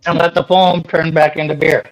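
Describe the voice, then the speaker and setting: A man's voice: a little high, little pitch movement, moderate pace, poor audio. A man co-hosting a casual livestream chat, explaining things bluntly and swearing freely. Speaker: co-host.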